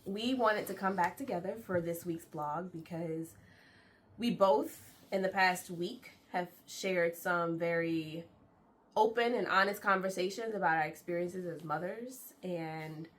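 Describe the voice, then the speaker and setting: A woman's voice: fairly low pitch, unhurried, fairly bright tone. A woman co-hosting a parenting vlog, talking casually and upbeat, often laughing. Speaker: vlog co-host. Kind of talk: casual chat.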